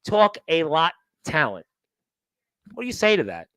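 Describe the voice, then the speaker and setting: A man's voice: fairly high pitch, wildly swooping pitch, measured pace, fairly bright tone, no room sound, rough recording. A man hosting a wrestling talk show, teasing his guest and reading out listener comments. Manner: teasing, playfully needling the guest. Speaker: radio show host.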